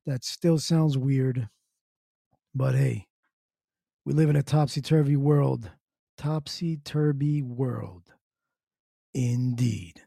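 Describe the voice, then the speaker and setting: A man's voice: medium pitch, steady tone, slow pace, creaky, long pauses, warm tone, no room sound, clean studio sound. A man hosting a casual morning podcast in a laid-back, jokey way, greeting his listeners by name. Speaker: podcast host.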